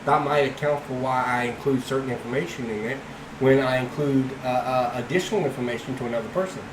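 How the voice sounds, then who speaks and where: A man hosting an apologetics channel, giving casual commentary in a halting way with many fillers and restarts. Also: medium pitch, roomy sound, noisy background.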